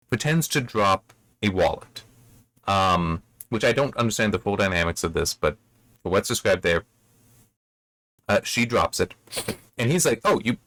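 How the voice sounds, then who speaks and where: A man's voice: lowish voice, fairly bright tone, dry recording. A man hosting a casual book review. He rambles, corrects himself mid-sentence and briefly acts out lines from the story. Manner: rambling, self-correcting, acts out quoted characters. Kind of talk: casual spoken book commentary.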